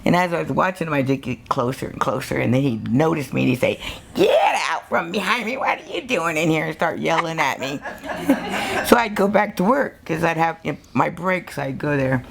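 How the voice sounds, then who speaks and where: Older american lady tattooer telling stories, low gravelly voice, laughs a lot and acts out the quotes. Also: slight background noise. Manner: animated, laughing storyteller who acts out quotes. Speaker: tattoo artist. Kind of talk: storytelling interview.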